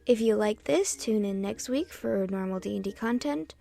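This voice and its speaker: A woman's voice: mid-range voice, moderate pace, gravelly, mellow. A woman acting as dungeon master, narrating a tabletop game story and chatting informally to listeners. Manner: chatty and informal in outro, with fillers.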